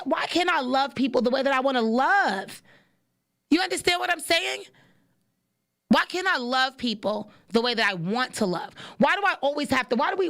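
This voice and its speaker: A young woman hosting a podcast, preaching in a casual, animated monologue and repeating lines for emphasis. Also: high-pitched. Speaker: podcast host.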